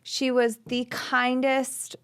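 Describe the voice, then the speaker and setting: Young female co-host, earnest and heartfelt, slightly high voice. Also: completely flat delivery, slow, clear, resonant tone. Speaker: podcast co-host. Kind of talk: casual faith podcast chat.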